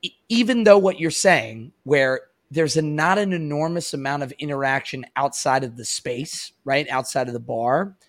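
A man in his thirties hosting a podcast, talking in a loose, rambling, animated way with some casual swearing. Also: medium pitch, normal speed, few pauses, dry recording. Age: 30s. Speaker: podcast host. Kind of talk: casual chat.

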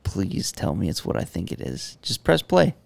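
A man's voice: low-pitched, huge pitch swings, moderate pace, vocal fry. A young man co-hosting a podcast in casual, crude, joking chat. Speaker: podcast co-host.

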